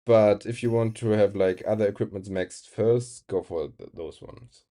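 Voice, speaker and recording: A man's voice: lowish voice, moderate pace, mellow. A young man with a German accent, a non-native speaker, chatting casually on a live game stream, reading chat aloud and laughing often.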